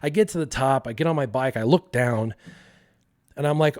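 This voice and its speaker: A man hosting a stream, casually telling a story to his live chat in an animated way, acting out the voices of the people in it and using many fillers like "um" and "like". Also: fairly high pitch, normal speed. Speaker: streamer host.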